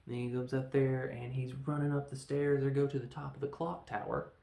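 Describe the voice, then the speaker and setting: A man's voice: mid-range voice, flat delivery, fairly quick, creaky, mellow. A man casually recapping a film as a podcast host, rambling and acting out characters' lines with sound effects. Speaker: podcast host reviewing films. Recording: roomy echo, faint background noise.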